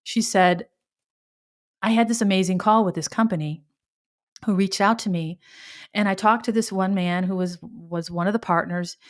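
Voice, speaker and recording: A middle-aged woman hosting a podcast, telling a personal story in a rambling way, often backtracking and acting out quoted exclamations. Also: medium pitch. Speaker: podcast host.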